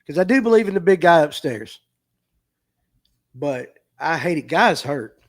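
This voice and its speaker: A man's voice: fairly high pitch, lively intonation, measured pace. A middle-aged man, a tackle shop owner on a livestream, talking earnestly and emotionally, repeating himself and near tears. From US South. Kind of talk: heartfelt casual livestream talk. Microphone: streaming mic.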